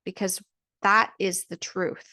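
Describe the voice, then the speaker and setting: A woman's voice: medium pitch, fairly even intonation, takes it slowly, pushed and bright, no echo, clean studio sound. A woman speaking straight to camera in an earnest, emphatic motivational talk, often repeating words as she presses a point. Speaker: vlogger giving encouragement.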